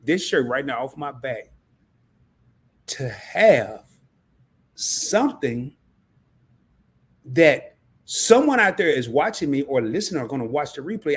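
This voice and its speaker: Husky animated man on a livestream. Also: on the high side, normal speed. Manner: animated, stumbling restarts, preachy. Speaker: livestream host. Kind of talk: casual livestream talk.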